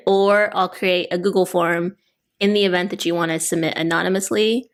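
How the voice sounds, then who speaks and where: A woman's voice: on the low side, steady tone, normal speed. A young woman co-hosting a podcast, chatting casually and laughing often. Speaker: podcast co-host.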